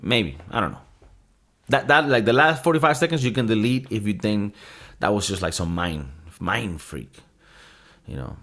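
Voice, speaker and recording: A man's voice: lowish voice, lively intonation, moderate pace, long pauses, a bit bright. A man hosting a casual podcast chat, rambling and thinking aloud with many fillers and restarts, swearing freely and laughing often. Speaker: podcast host reviewing a movie.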